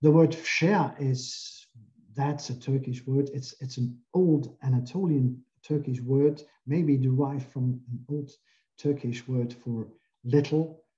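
A man's voice: mid-range voice, steady tone, takes it slowly, warm tone, highs cut off. A man giving an academic linguistics lecture, explaining slides step by step. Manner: explanatory, walking through slides. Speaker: linguistics professor.

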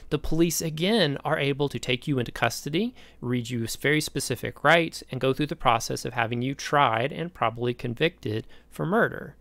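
A male college lecturer with a gravelly, fry-edged voice at an ordinary pitch. He talks to his students casually, drifting into asides. The sound is close and dry. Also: moderate pace, hardly any pauses, fairly bright tone, no room sound. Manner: casual, conversational and digressive, speaks directly to students. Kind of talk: recorded lecture.

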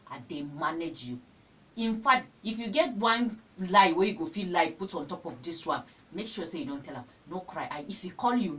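Young woman, Nigerian accent, lowish voice, distant mic, faint rumble. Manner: animated, scolding, full of exclamations. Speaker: vlogger. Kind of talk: advice vlog.

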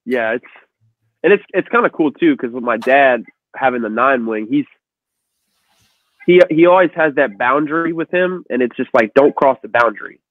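A man hosting a casual conversation, telling animated stories and acting out the voices of the people in them. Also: medium pitch, moderate pace, no room sound. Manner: animated storyteller, acts out voices in quotes. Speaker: host. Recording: dry, phone-like audio.

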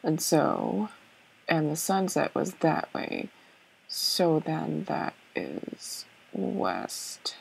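A woman talks slowly through her own puzzle-game play. Her low voice is gravelly and husky, and she thinks aloud in a hesitant, self-doubting way, full of fillers and repeated okays. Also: big pitch swings, rough recording. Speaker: let's play gamer. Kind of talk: thinking-aloud gameplay commentary.

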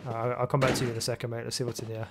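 A man's voice: mid-range voice, little pitch movement, rapid-fire. A man playing a video game and casually thinking aloud, muttering with fillers as he commentates. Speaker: gaming channel host. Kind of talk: let's play commentary. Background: background music.

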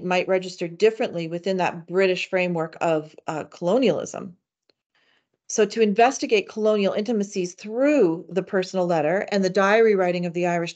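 A woman giving an academic seminar paper in a measured way, with frequent fillers and restarts. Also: medium pitch, darkish tone. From Canada. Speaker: academic speaker. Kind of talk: seminar lecture reading a paper.

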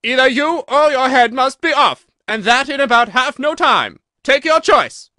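A man voicing a tyrannical queen who shouts her orders in a shrill, bellowing voice, for a storybook reading. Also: measured pace, dry recording, studio quality, full character voice. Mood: furious.

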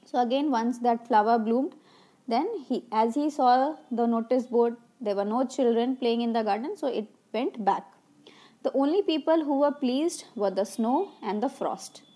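Lady english teacher reading a story to her class, fairly high voice, stops to explain every bit in simple words and asks questions. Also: normal speed, warm tone. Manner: reads a passage aloud, then paraphrases it simply with questions and fillers.

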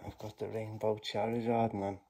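A man chatting casually to viewers as he opens card packs, bursting into loud exclamations between quieter mumbled remarks. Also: fairly low pitch, little pitch movement, normal speed, gravelly, husky. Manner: slangy, chatty address to viewers. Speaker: YouTuber opening trading card packs. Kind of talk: casual vlog commentary.

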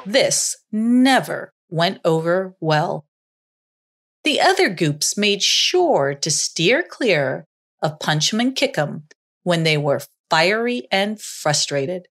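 A woman narrating a children's story in a slow, expressive reading voice. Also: lowish voice.

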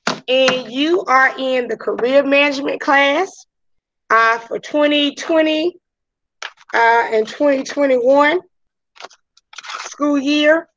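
Brief: woman teacher, high bright voice with a sharp edge, casual Southern US speech, muffled video call audio. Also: slight background noise. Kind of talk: online class roll call and introduction.

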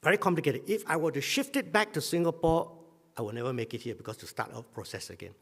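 A man preaching a sermon as pastor, telling a personal story and clearing his throat often. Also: on the high side, very animated, fast talker. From Malaysia. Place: church hall. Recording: hall reverb.

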